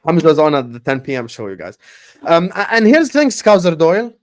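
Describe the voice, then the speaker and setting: A man hosting a casual football fan livestream, ranting passionately and giving shout-outs to viewers, often repeating and restarting words as he gets worked up. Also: fairly high pitch, very animated, fairly quick. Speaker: football fan channel host.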